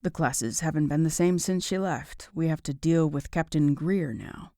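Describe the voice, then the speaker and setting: A woman voicing a relaxed, teasing young male firefighter in a romance audiobook, dropping her voice a little. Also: sits low, moderate pace, no room sound, studio quality. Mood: amused.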